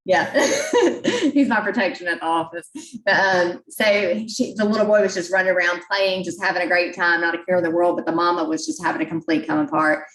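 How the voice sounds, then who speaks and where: A woman talks to a club meeting in a folksy, self-deprecating way. Her voice sits a little low. The room is echoey, and she is some way from the mic. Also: steady tone, quick pace, fairly bright tone, recorded from a distance. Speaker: guest speaker at a club meeting. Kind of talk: storytelling talk.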